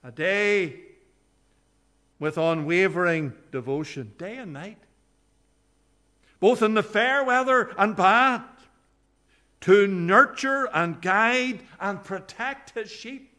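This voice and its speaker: High-voiced preacher, slow and bright. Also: male voice. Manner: earnest preaching that drops low and soft on scripture quotes. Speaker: pastor. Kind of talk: sermon. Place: church.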